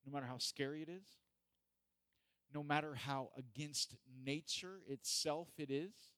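A man's voice: fairly high pitch, measured pace, a bit bright, clean tone, no echo. A man preaching a sermon, earnest and repetitive, building to emphatic peaks.

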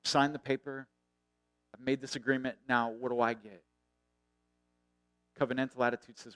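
Middle-aged male pastor, earnest sermon delivery, smooth resonant voice, soft drops to near-whisper. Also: mid-range voice, steady tone, fairly quick, long pauses, no echo. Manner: earnest preaching that swells and then drops to a hush.

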